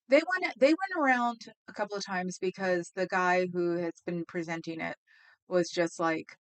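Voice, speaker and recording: A woman's voice: fairly low pitch, moderate pace, clear, resonant tone. A woman chatting casually on a live stream, rambling, laughing easily and talking to viewers in the chat.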